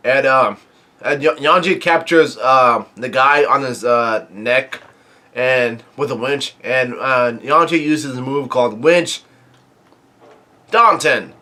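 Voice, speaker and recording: A man talks through a comic chapter as a casual reviewer, at a middling pitch. He stumbles and restarts often, filling gaps with fillers as he recounts the story. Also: pushed and bright. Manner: halting, many fillers and restarts. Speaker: manga reviewer.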